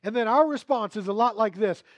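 A man preaching a sermon and retelling a scripture story, swinging between hushed, quiet passages and emphatic, louder ones. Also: high voice, fairly quick.

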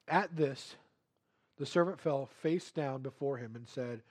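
A man preaching a sermon and retelling a scripture story, swinging between hushed, quiet passages and emphatic, louder ones. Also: mid-range voice, unhurried.

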